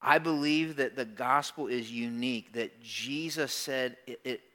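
Bright-voiced preacher, hushed then booming. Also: male voice, measured pace. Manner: conversational preaching, swings from hushed to loud emphatic bursts. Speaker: pastor. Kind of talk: sermon. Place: church service before a congregation.

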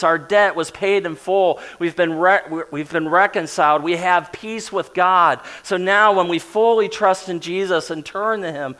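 A middle-aged man preaching a sermon as pastor, earnest, with soft quiet drops and emphatic bursts. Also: high voice.

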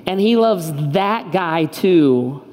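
A man's voice: high voice, animated, takes it slowly, darkish tone, long reverb tail. A man preaching a sermon as pastor, in an impassioned, emphatic way with lots of repetition. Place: church auditorium.

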